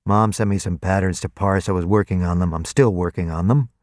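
A man's voice: low voice, a little fast, a little mellow, no room sound, studio quality, lightly acted. A man voicing a curt, impatient workaholic who answers tersely and wants to leave. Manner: terse, pointed.

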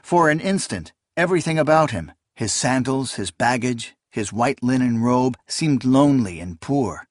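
A man narrating a fantasy novel in an audiobook with measured, even storytelling. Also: medium pitch, no room sound, studio quality.

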